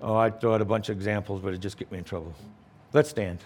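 A man's voice: lowish voice, fairly even intonation, quick pace, darkish tone, a little hiss or hum. A middle-aged male pastor preaching a sermon in an emphatic, conversational way, full of rhetorical questions.

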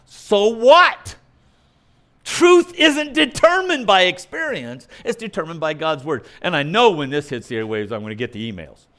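A male preacher delivering an emphatic, argumentative sermon, mimicking objections and swinging between loud punchy lines and quiet asides. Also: sits high.

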